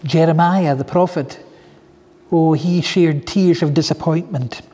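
A man preaching a sermon, telling stories in an earnest, heartfelt way with soft asides. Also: fairly high pitch, fairly even intonation, a little slow, big-room sound. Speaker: pastor.

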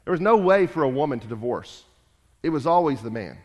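Preacher with hall reverb. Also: male voice, a little high, big pitch swings, a little fast, lo-fi sound. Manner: emphatic, repetitive, swings between loud and quiet. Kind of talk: sermon.

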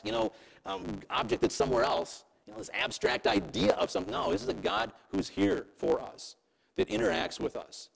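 Lively gravelly-voiced preacher man. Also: high-pitched, poor audio. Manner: conversational preaching, keeps asking "right?". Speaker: pastor. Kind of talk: sermon.

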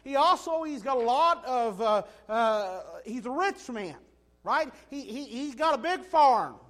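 Man, preacher, folksy sermon, high voice, animated. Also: measured pace. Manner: folksy, animated, asks the room "right?" often.

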